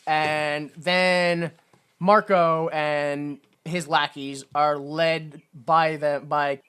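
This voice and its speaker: Casual woman podcaster, low voice. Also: little pitch movement, drawn-out words, a bit bright, smooth. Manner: rambling, laughing, swearing, acts out quotes in a goofy raised voice. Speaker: podcast co-host. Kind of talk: casual movie recap chat.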